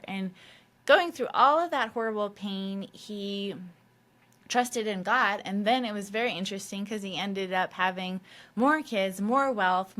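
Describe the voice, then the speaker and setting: A woman's voice: mid-range voice, a bit bright. A woman hosting a faith podcast, talking casually and loosely, with frequent fillers and mild swearing. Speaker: podcast host.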